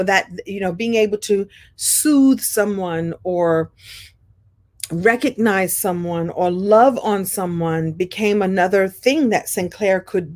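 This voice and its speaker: A woman in her fifties hosting her own show, telling a story in a casual monologue with warm, playful jumps in pitch. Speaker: show host.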